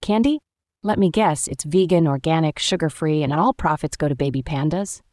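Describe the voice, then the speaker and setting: A woman's voice: low-pitched, normal speed, warm tone, no room sound, lightly acted. A woman voicing a cocky male engineer who talks in a dismissive, mocking way, in a read-aloud story. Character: cocky rule-breaking male engineer, sardonic.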